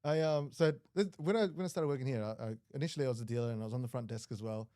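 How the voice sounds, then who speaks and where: A man's voice: mid-range voice, rapid-fire, dark tone, no echo, studio quality. An Australian man commentating live poker with casual, self-deprecating jokes.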